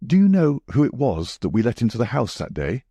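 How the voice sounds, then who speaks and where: A man voicing a careworn young gentleman who speaks urgently and with anguish. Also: medium pitch, sing-song, fairly quick, husky, no room sound, pitched above the performer's own voice. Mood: distraught.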